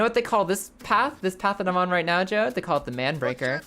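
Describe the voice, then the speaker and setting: A young woman streaming a game, chatting in a rambling, animated and profane way. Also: on the low side, brisk, few pauses. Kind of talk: casual live game stream chat.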